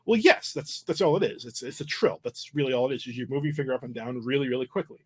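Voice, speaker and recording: A man's voice: medium pitch, fast talker, husky. Man teaching flute in a livestream. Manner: relaxed explaining, many fillers and restarts. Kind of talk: livestream music lesson.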